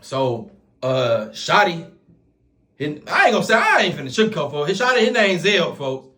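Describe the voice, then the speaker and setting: A man's voice: on the high side, normal speed. A man telling a prison story to camera in slangy, casual talk, piling up oaths and fillers. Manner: slangy, repeats oaths and fillers, animated retelling.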